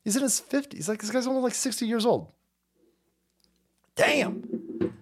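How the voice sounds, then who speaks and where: A man's voice: expressive, quick pace. Mocking, profane man ranting. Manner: mocking, swearing, laughing, swings loud and low. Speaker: political commentary streamer.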